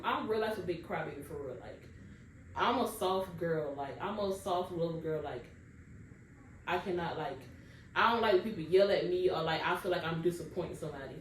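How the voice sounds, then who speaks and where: Young woman, casual storytime vlogger, talks right to her viewers, distant mic in an echoey room. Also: medium pitch. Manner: chatty, keeps addressing viewers directly. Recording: roomy, distant mic, faint background noise.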